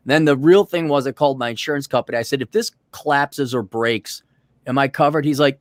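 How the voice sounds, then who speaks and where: A man's voice: fairly high pitch, fairly quick, no echo, studio quality. A man co-hosting a casual podcast, telling stories in a profane, ranting way and acting out the people he quotes. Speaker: podcast co-host.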